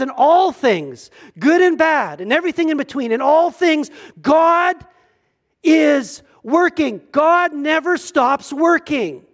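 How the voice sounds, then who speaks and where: A man with a high-pitched voice preaching a sermon at a church service. He builds up to loud, emphatic peaks on the scripture, then drops into soft, chatty, joking asides to the congregation. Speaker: pastor.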